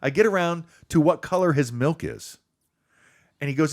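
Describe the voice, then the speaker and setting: A man's voice: fairly high pitch, moderate pace. A man in his forties co-hosting a podcast, chatting casually, laughing often and acting out quotes. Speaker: podcast co-host. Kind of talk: casual chat.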